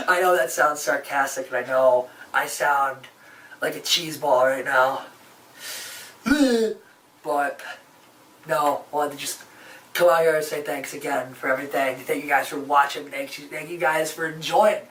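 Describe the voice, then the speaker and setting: A man's voice: a little slow, pauses often, fairly bright tone. A man giving a casual, self-deprecating thank-you to viewers, recorded from a distance. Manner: low-key, self-deprecating. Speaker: creator and voice performer. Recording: roomy and distant from the mic.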